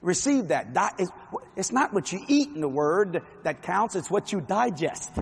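Husky Cajun preacher in a big hall. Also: male voice, high voice, sing-song, moderate pace. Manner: folksy, emphatic, joking. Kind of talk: sermon with humor and jokes.

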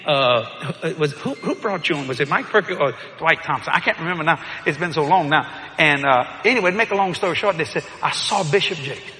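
A man, preaching and telling a story with lively shouts and laughter. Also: fairly high pitch. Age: older. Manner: animated, shouting punchlines, laughing. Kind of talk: sermon storytelling. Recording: echoey hall with crowd.

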